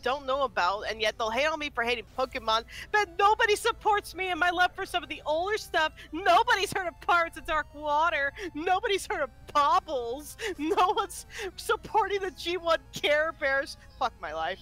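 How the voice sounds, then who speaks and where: A woman's voice: high-pitched, animated, normal speed, sharp tone, soft background music. A woman co-hosting a game stream, chatting casually and giggling as she talks. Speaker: co-host. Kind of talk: casual gameplay chat.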